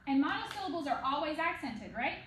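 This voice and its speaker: A woman teaches a one-on-one reading lesson, her voice sitting a little high. She is patient and checks in with the student at every step. The room is echoey, with noise in the background. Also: big pitch swings, fairly quick, a bit bright. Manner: patient, checks in with "okay?" and "right?".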